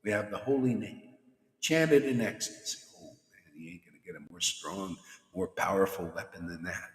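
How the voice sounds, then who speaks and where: A man's voice: sits low, normal speed. A man hosting a devotional livestream who preaches in a casual, slangy, teasing way and laughs often. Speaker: spiritual teacher hosting a chanting session.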